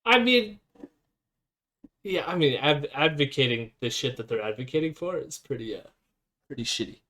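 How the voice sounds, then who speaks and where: A man's voice: on the high side, animated, moderate pace, bright, forceful tone. A man hosting a casual live stream, reading an article aloud and commenting with fillers and self-corrections. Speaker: streamer host.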